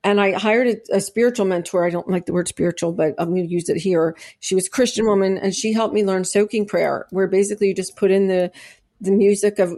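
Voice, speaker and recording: A woman's voice: mid-range voice, mellow. A middle-aged woman, a podcast guest, talking earnestly and at length, with many restarts and fillers. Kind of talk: conversational interview, personal testimony.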